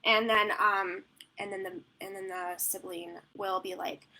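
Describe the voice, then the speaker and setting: A woman's voice: medium pitch, steady tone, unhurried, creaky, bright, forceful tone, low-quality recording. A woman newborn photographer answering questions in a live online Q&A, rambling and chatty with plenty of "like" and "um". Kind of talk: live Q&A teaching.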